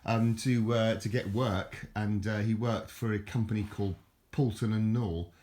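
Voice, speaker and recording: A man's voice: lowish voice, fairly even intonation, normal speed, a little mellow. Rambling older man, southern English accent. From southern England. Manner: rambling, chuckling, repeats words and restarts. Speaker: vlogger. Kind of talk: rambling casual chat to camera.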